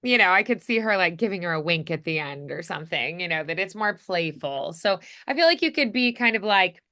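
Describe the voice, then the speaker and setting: A woman coaching a voice acting student with a bright, crisp voice that sits a little low. She talks in a chatty, casual way, full of "you know" and "like". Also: expressive, brisk.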